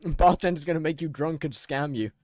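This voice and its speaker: A man's voice: on the high side, brisk, a little mellow, no room sound. A young man streaming a game, reading in-game text aloud, laughing often and reacting with mock outrage. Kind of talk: casual gaming commentary.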